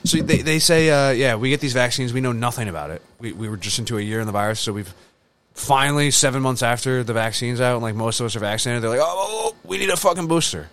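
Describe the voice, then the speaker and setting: A man rambling quickly and swearing a lot in casual chat with friends. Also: mid-range voice, smooth. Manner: rapid, rambling, swears a lot, animated retelling.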